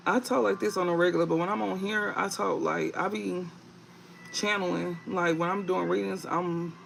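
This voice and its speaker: A young man hosting a live tarot reading stream, talking in a calm, low-key, casual way with slang. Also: normal speed, vocal fry, slight background noise, low-quality recording.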